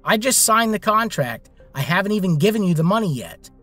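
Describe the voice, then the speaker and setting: A calm, ruthless young businessman, played by the male narrator, blunt and unbothered, a little higher than the narration. Soft music runs underneath, as in a spoken storybook. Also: fairly quick, exaggerated voice. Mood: cool.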